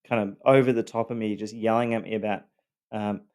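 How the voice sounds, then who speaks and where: A man telling his own story of family abuse in a halting, blunt way, full of fillers and the odd swear word. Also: lowish voice, fairly even intonation, a little mellow. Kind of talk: personal storytelling to camera.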